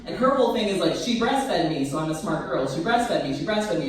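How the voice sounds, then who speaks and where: A young woman performing a stand-up comedy set on a club stage, with a punchy, deadpan delivery. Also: lowish voice, fairly quick, few pauses. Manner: deadpan, punchy delivery with put-on voices for her mom. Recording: roomy club sound from a distance. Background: audience laughter.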